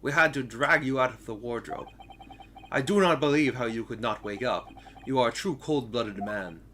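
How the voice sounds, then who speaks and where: A man's voice: mid-range voice, normal speed, pushed and bright, a little hiss or hum, natural voice. A man voicing a stern, accusing police officer with an attempted Russian accent and clipped, broken grammar.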